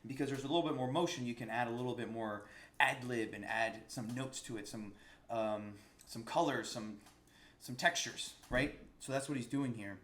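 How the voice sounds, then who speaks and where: A man's voice: medium pitch, normal speed, a bit bright, roomy sound. A man teaching a casual music lesson, enthusiastic and searching for words with frequent restarts. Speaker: saxophone teacher.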